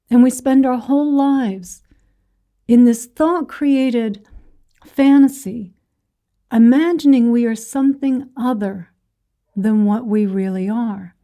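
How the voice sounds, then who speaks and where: A woman giving a spiritual talk as a meditation teacher, telling a parable in a gentle, meandering way with fillers. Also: on the high side. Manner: gentle storytelling with fillers and restarts.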